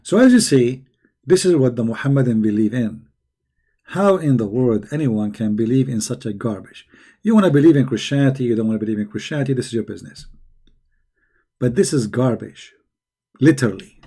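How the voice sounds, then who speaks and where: Combative, mocking man with a mellow voice. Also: medium pitch, animated, a little fast, breathy edge. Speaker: religious debate host. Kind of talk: live online debate commentary.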